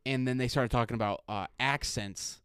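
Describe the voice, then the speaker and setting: This podcast co-host, who has a Midwestern accent, speaks at a moderate pace in a smooth, medium-pitched voice with a fairly bright tone. His casual talk wanders, heavily sprinkled with "like."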